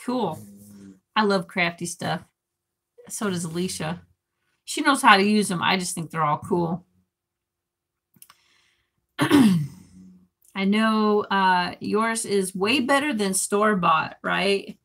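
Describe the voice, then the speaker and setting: A woman's voice: mid-range voice, slow pace, creaky, pauses often, fairly bright tone. A woman hosting a casual livestream, reading viewer comments aloud and laughing often. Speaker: livestream host reading chat. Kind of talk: casual live chat.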